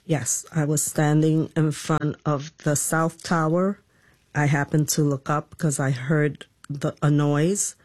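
A woman police officer gives a slow, matter-of-fact account in an interview. She states events plainly. The recording is dry and close. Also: sits low, little pitch movement, a little mellow, no room sound. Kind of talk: interview testimony.

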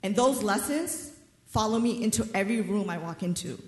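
Woman in her 30s doing stage storytelling, wry and measured, echoey hall sound. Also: mid-range voice, animated. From New York. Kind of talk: live personal storytelling. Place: theater stage. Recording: roomy theater reverb.

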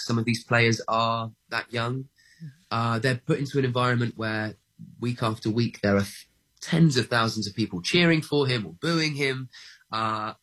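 A man, an actor, answering interview questions in a mid-range, slightly husky voice. He pauses often with fillers and doubles back on his words. He adds a dry, self-mocking touch as he goes. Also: mid-range voice, a bit bright. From England. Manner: hesitant, many fillers and restarts, self-deprecating. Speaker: actor, guest.

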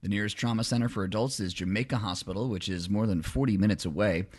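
A man reading local radio news and the weather in a brisk, plain way. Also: lowish voice, husky.

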